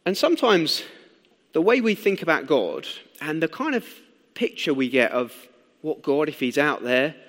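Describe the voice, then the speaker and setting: A young man preaching a sermon in a conversational, animated way, asking the listeners questions as he explains and tells stories. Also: a little high, moderate pace. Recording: long hall reverb.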